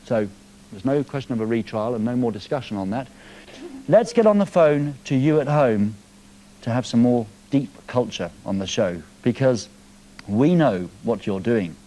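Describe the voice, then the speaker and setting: A man's voice: medium pitch, expressive, normal speed, warm tone. A man hosting a live TV show from a studio, teasing a caller in a cheeky way. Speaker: TV presenter. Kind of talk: live TV banter.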